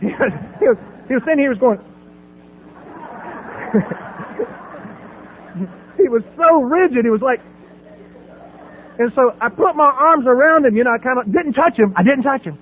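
A middle-aged man giving a personal testimony at a recovery meeting podium, dramatic, swinging from loud emphasis to hushed quiet. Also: very high voice, lively intonation, unhurried, pauses often, narrow, tinny audio. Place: at a podium before an audience. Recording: phone-thin audio with faint hum.

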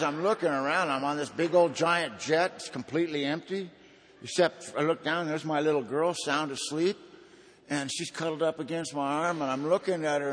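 A man's voice: on the high side, fairly bright tone, in a large hall. A man giving an earnest personal testimony at a recovery meeting, in a folksy storytelling manner.

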